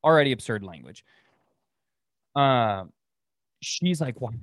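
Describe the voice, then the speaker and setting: A man's voice: mid-range voice, moderate pace, no echo, clean studio sound. Profane rambling podcast ranter, man. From Oregon. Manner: profane, rambling, laughs at his own stories. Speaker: podcast host. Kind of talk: casual solo rant.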